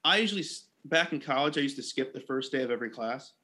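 A man's voice: mid-range voice, expressive, fast talker, sharp tone. A man hosting a podcast, asking playful questions in a sarcastic, joking way. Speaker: podcast host. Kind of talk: casual podcast chat.

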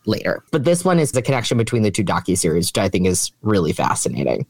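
A podcast co-host in casual chat, enthusiastic, with quick asides. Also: low voice, huge pitch swings, vocal fry, a little mellow, dry recording, studio quality.

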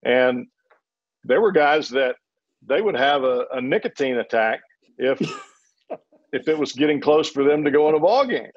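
A man, a former closing pitcher, telling a rambling story on a panel with many restarts and chuckles. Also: lively intonation, measured pace, long pauses, lo-fi sound.

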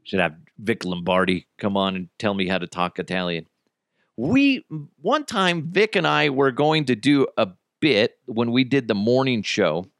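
A podcast host rambles through casual comedic chat, animated and swearing frequently. His mid-range voice is unhurried, with clean studio sound and no echo.

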